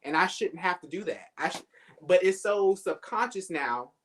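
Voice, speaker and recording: A man's voice: high-pitched, expressive, normal speed, fairly bright tone, a little hiss or hum. A man talking as a guest on a casual live stream over a video call, reflective and conversational, swearing casually.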